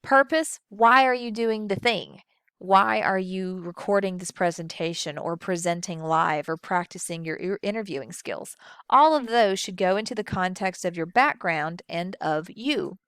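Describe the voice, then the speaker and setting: A woman lectures on public speaking in a slightly low, smooth voice. She talks deliberately, demonstrating each point with her own pauses. The sound is dry and close, with no room around it. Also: no echo. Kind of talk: recorded lecture.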